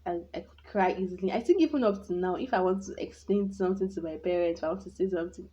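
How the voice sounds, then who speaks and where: A woman's voice: medium pitch, animated, fast, dark tone. A young woman telling her own life story in a vlog, candid and reflective, rambling with many restarts. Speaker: vlogger. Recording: dull lo-fi sound.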